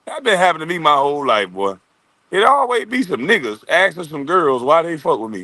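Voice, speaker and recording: Animated, foul-mouthed ranting man. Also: fairly high pitch, fairly quick, no room sound. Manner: loud, laughing, mocking impressions of others. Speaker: live streamer. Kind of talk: profane ranting monologue.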